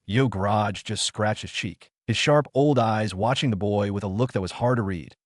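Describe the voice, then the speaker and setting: Low-voiced man narrating steadily. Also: normal speed, no echo, studio quality. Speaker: audiobook narrator. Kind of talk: scripted fantasy narration.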